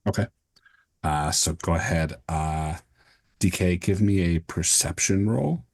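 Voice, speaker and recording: A man's voice: deep voice, a little slow. A man running a tabletop game as game master, describing scenes and rules with many fillers.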